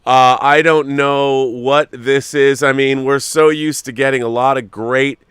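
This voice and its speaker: A man's voice: medium pitch, fairly even intonation, a little slow, fairly bright tone, clear, resonant tone, dry recording, studio quality. A man hosting a casual chat, musing and hesitant as he talks, with plenty of fillers. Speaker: host. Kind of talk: casual chat reviewing collectible figures.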